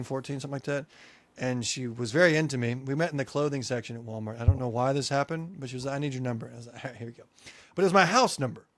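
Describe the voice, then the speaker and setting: A man's voice: medium pitch, dry recording. A man co-hosting a podcast, chatting casually and telling long stories with frequent laughs. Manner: storytelling, laughs often. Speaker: podcast co-host. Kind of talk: casual chat.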